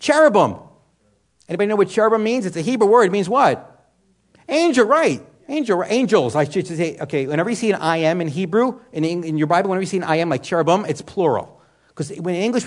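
A Bible teacher with a higher-pitched male voice delivers a sermon, posing rhetorical questions and then answering them himself. His teaching is conversational, sprinkled with "you know" and frequent restarts.

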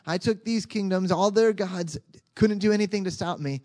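A man's voice: high voice, moderate pace, darkish tone, voice pushed up, natural voice. A man voicing a boastful, menacing male conquering king who brags and threatens.

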